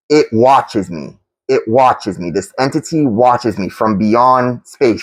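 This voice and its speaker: A man talks through a rambling spiritual monologue, stopping often to restart and reach for words. His voice sits at an ordinary middle pitch. The sound is dry and close, with little room in it. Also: no echo, rough recording. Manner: halting, many restarts and fillers. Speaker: tarot channel creator.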